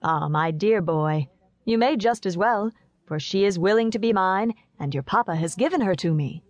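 A woman voicing a calm, courteous gentleman suitor who speaks gallantly in an audiobook. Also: fairly low pitch, normal speed, dry recording, natural voice.

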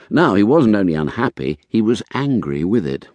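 Brief: male narrator, first-person novel read, animated delivery, dry booth. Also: on the low side, moderate pace, no room sound. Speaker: audiobook narrator.

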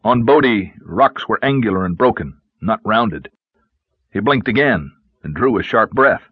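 A male audiobook narrator reads a western in a measured, even manner. His voice is low and a little husky. The recording sounds dull and very dry. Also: dry recording. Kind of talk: scripted narration.

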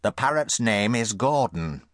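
A man's voice: medium pitch, expressive, unhurried, fairly bright tone, no echo, studio quality, voice pushed up. A man voicing a stern, clipped elderly great-aunt in a children's audiobook. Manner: clipped and disapproving. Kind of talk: audiobook character voice.

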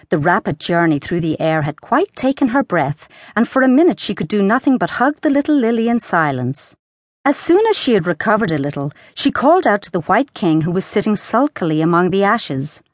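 A woman narrating a children's storybook audiobook in a lively, expressive reading. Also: mid-range voice, moderate pace, no room sound, studio quality.

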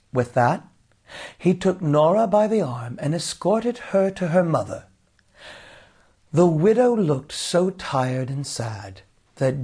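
A man narrating a children's storybook in an expressive, unhurried way. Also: on the high side. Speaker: audiobook narrator.

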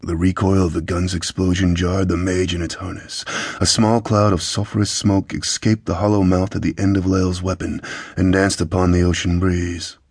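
Male audiobook narrator, low husky voice, steady measured reads, dry close studio sound. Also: no echo. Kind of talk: scripted fantasy audiobook narration.

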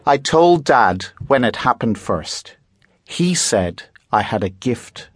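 A man reading aloud voices a calm twelve-year-old girl who speaks in a matter-of-fact way. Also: mid-range voice, slow, dry recording.

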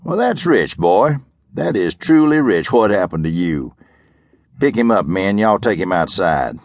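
A man playing a folksy, menacing older sheriff in an audiobook, with a slow, mocking drawl. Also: low-pitched, animated, no room sound.

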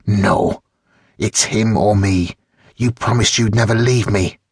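A man's voice: fairly low pitch, fairly even intonation, slow pace, breathy edge, dry recording, clean studio sound, full character voice. A man doing a sullen, jealous teenage boy.

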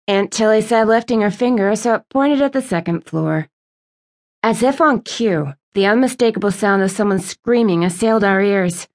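A woman reading a first-person fantasy audiobook, narrating with lively, exasperated dialogue. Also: mid-range voice, normal speed.

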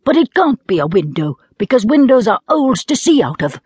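An earnest, literal-minded little boy who argues his point innocently, as a woman reads him in a storybook. His voice is pitched up, lively and breathy, with a soft husk. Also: a little fast, dry recording, studio quality, exaggerated voice. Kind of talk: storybook reading.

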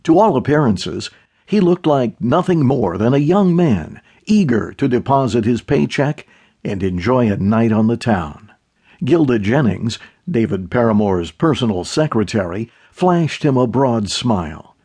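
A male audiobook narrator reads with a steady, measured delivery. His voice is husky and sits at a middle pitch. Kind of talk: scripted narration.

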